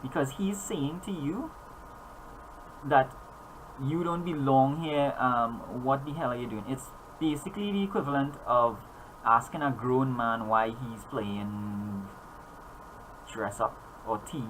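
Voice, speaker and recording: A man's voice: mid-range voice, measured pace, a bit bright, slight background noise, poor audio. Rambling man running a tabletop game. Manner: rambling, many fillers and restarts. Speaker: game master.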